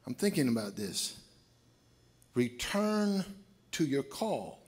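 A man preaching a sermon in a church, going from shouted, sung exhortation to relaxed, joking asides. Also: medium pitch, takes it slowly, pauses often, breathy edge. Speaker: pastor. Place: church sanctuary.

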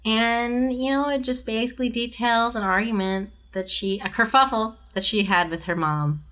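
Bright-toned chatty woman podcast host. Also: on the high side, normal speed. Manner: chatty, full of ums and likes. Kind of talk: casual chat.

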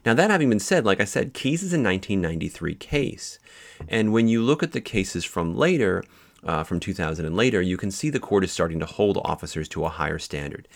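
Deep-voiced man lecturing on case law. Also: big pitch swings, brisk, creaky. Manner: explanatory, frequent fillers and restarts. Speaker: legal instructor.

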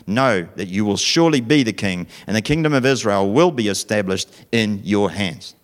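A man's voice: fairly low pitch, expressive, moderate pace, close to an everyday voice. A man reading the part of a remorseful old king in a Bible story told to children, his voice raised and emotional.

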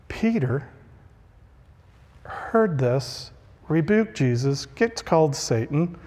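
A man's voice: fairly high pitch, darkish tone. A man preaching a conversational sermon, acting out the voices he quotes. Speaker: pastor. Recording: long reverb of a large hall.

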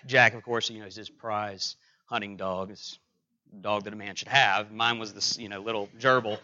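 Middle-aged male pastor, bright forceful tone, halting anecdotal delivery, slightly dull lo-fi sound. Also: on the low side, fairly even intonation. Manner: halting, anecdotal, many fillers and restarts. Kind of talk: sermon with personal story.

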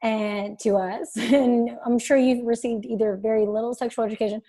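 A woman host in a casual podcast chat, speaking in a mellow, dark-toned voice pitched a little high. She is affirming and eager as she answers. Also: fairly even intonation, moderate pace.

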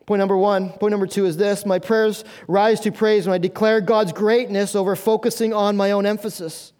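Man, pastor, high voice, earnest conversational sermon. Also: steady tone, moderate pace, a little mellow, clean tone. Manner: earnest, conversational preaching with rhetorical questions.

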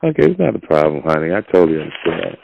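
Podcast host, man, very deep rough voice, blunt and preachy. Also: very animated, racing, no room sound. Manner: blunt, preachy, gravelly and low. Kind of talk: casual opinionated monologue. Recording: dull lo-fi audio.

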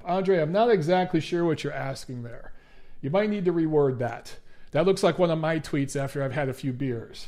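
Chatty high-voiced male host. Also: moderate pace, darkish tone. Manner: blunt, profane, chatty. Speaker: boxing show host. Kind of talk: casual commentary with viewer Q&A.

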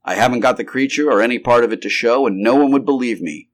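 A man's voice: medium pitch, fast, close to an everyday voice. A man voicing a commanding middle-aged scientist who leads a monster hunt and speaks in clipped, urgent commands in a storybook reading. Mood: earnest.

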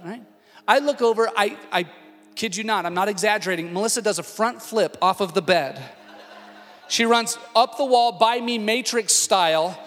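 A man in his thirties, a lead pastor, preaching a sermon with animated storytelling that swings between hushed tones and shouting. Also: high voice. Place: church auditorium. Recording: long hall reverb with faint music.

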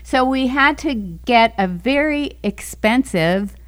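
Female guest, unhurried faith testimony with frequent laughs. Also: on the high side, lively intonation. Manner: slow, storytelling with frequent laughs. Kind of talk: testimony in a Christian talk show.

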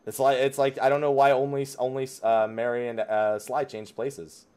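A man hosting a casual gaming podcast, rambling through recaps and cracking jokes at his co-hosts. His voice sits at an ordinary middle pitch. He talks loosely, with frequent laughter. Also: level tone, normal speed, a little mellow, clear, resonant tone. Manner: joking, rambling, laughs often. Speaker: podcast host.

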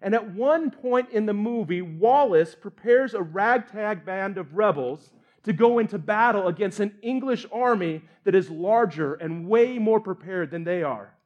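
A man's voice: high-pitched, lively intonation, unhurried, hardly any pauses, muffled recording. A man pastor preaching a sermon in an earnest, candid way with light humor.

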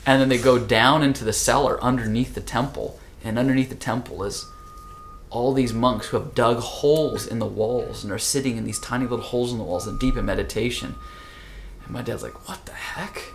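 A man hosting a casual conversation, telling an animated story and acting out the voices. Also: medium pitch, a little fast, slight background noise. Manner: animated, acts out voices, laughs easily. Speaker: podcast host.

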